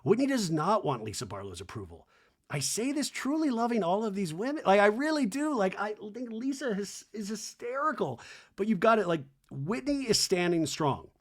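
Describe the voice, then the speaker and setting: A man's voice: sits high, normal speed. A man with a stuffy nose hosting a podcast, sarcastically recapping a reality show with lots of swearing. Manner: animated, sarcastic, swears freely. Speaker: podcast host.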